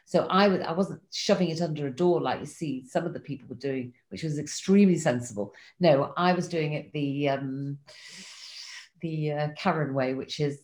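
An older woman with a low, deep voice reads from her diary in a wry, self-mocking way. She is candid and chatty. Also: normal speed, a little mellow. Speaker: guest recounting a diary. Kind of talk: reading diary entries and casual chat.

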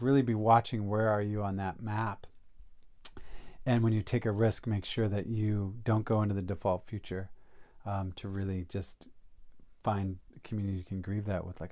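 A man talking reflectively about risk and grief, telling a story and voicing the people in it. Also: medium pitch. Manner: animated, acts out quoted people in the stories. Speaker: speaker on personal growth. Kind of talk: reflective casual talk, storytelling.

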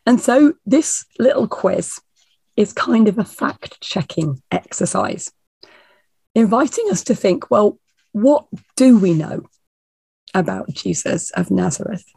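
A woman minister, croaky and hoarse from a cold, her voice gravelly and husky. She talks to her congregation in a chatty, reassuring way, with plenty of ums, and the sound is dry and close. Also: medium pitch, sing-song, takes it slowly, mellow, no echo. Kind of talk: informal sermon introduction.

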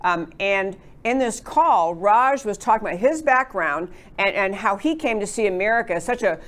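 A woman's voice: mid-range voice, expressive, normal speed, fairly bright tone. A woman hosting a political talk show, chatting with rambling asides as she introduces her guests. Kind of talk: conservative talk show monologue.

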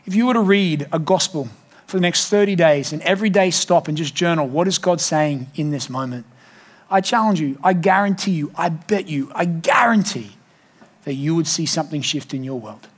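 A high-pitched man preaches in a church hall. He builds to emphatic, animated bursts, then drops into quick jokey asides. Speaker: pastor. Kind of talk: sermon.

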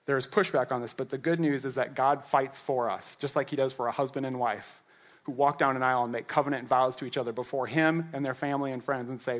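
A man's voice: medium pitch, fairly even intonation, fast. A man preaching a sermon as pastor, in a loose, joking, conversational way, acting out characters and laughing often.

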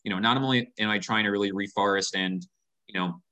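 A passionate man in a relaxed sit-down interview. His voice sits low but rings bright and forward. He talks earnestly and often doubles the first word of a thought. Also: fairly quick. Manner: earnest, passionate, repeats words when starting sentences. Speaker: company founder, guest. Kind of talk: casual interview conversation.

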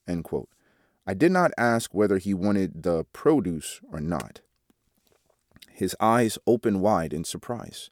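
A man reading a devotional article aloud in a measured way, announcing each quotation out loud. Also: low voice, big pitch swings, no room sound, clean studio sound. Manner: measured, reads quote marks aloud. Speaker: devotional reader.

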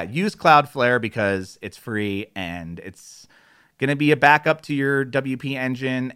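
A man talks through a website tutorial in a loose, unscripted way. He gets openly exasperated and slips into quick voices for the people he quotes. His voice comes through a close, isolated microphone. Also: mid-range voice, fairly bright tone. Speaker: web tutorial presenter. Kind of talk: casual explainer with rants. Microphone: isolated studio microphone.

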